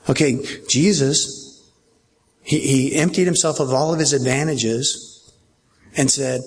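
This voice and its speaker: A man preaching a sermon as pastor, emphatic and repetitive, checking that listeners follow along. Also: medium pitch. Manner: emphatic, repeats phrases, asks listeners if they follow. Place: church.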